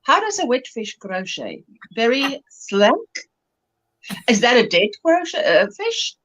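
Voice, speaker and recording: Giggly South African woman with a high voice. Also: sing-song, a little slow, fairly bright tone, highs cut off. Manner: giggly, playful, chatty. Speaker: crochet livestream host. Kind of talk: casual chat reading viewer comments.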